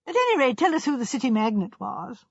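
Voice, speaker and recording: Woman voicing a brisk, bossy hostess. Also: on the high side, very animated, breathy edge, dry recording, pitched above the performer's own voice, exaggerated voice. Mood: scolding. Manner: emphatic, teasing, impatient. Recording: dull lo-fi recording.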